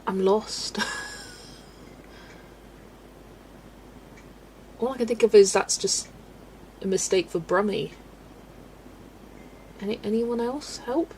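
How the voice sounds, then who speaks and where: A woman's voice: mid-range voice, very slow, pauses often, a little mellow, slight background noise, low-quality recording. A woman from the UK streaming live at home, chatty and giggly, reading viewer comments aloud as she chats. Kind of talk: casual live-stream chat.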